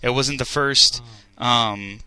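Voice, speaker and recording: A young man in casual chat, telling stories excitedly and laughing often. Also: mid-range voice, slow pace, clear, resonant tone, low-quality recording.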